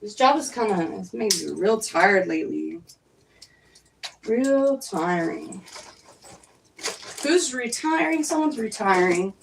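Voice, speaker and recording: A woman's voice: medium pitch, lively intonation, slow, creaky, long pauses, a little hiss or hum. A young woman doing a casual, rambling tarot reading on a live stream, talking straight to her viewers. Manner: chatty, rambling, reads the cards out loud to viewers.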